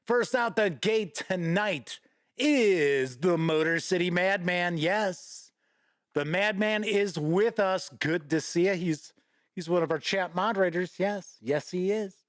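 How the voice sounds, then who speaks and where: A man with a high-sitting voice and slow pace hosts a live-streamed gaming news show. The sound is clean studio audio with no echo, and he's chatty and folksy, greeting viewers by name and reading out news.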